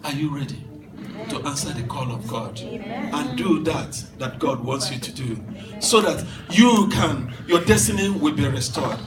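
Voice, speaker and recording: Fervent high-voiced preacher in an echoey hall. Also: male voice, lively intonation, unhurried, noisy background. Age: 50s. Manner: fervent preaching, shouting to soft, laughs through stories. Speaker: pastor. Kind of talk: sermon. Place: church hall. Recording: echoey church hall from far off, with music.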